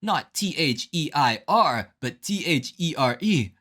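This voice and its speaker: A man voicing a pedantic young male sidekick who corrects spelling in a slow, fussy way. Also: on the high side, expressive, a bit bright, voice pushed up.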